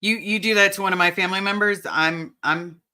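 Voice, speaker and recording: A podcaster chatting casually in an earnest, emotional way, with halting restarts as they talk. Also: mid-range voice, steady tone, bright, forceful tone. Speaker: podcast co-host.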